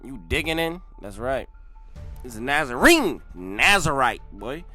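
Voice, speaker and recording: A man hosting a casual read-along, reading an old text aloud and breaking in with excited, slangy asides that often end in "man" or "boy". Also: medium pitch, unhurried, soft background music.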